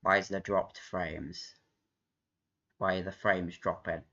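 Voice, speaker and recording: A man's voice: sits low, flat delivery, slow pace, bright, forceful tone. A man hosting a live stream, rambling in casual chat, laughing often and swearing freely. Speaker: livestream host. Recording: dull lo-fi stream audio.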